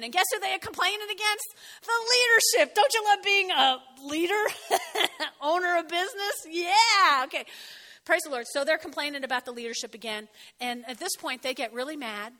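A middle-aged woman giving a lively sermon, animated and often laughing, swinging from loud to soft. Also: sits high. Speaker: preacher.

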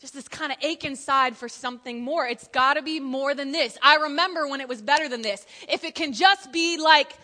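A woman preaching a lively sermon in church, telling jokey stories and acting out quotes. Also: sits high, a little fast, few pauses.

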